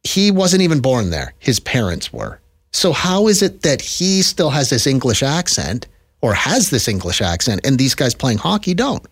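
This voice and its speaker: A man from Canada co-hosting a podcast in casual chat, animated and laughing often. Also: medium pitch, moderate pace, breathy edge. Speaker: podcast co-host.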